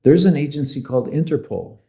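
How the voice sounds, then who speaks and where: A man's voice: a little high, fairly quick, creaky, mellow. A man co-hosting a podcast as the expert, explaining his views in an opinionated, confident way. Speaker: podcast co-host and expert commentator. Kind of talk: casual podcast discussion.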